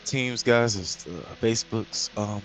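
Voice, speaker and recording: A man's voice: lowish voice, unhurried, soft background music. A young man hosting a casual trading livestream, joking loosely and swearing as he talks. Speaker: livestream host and trader.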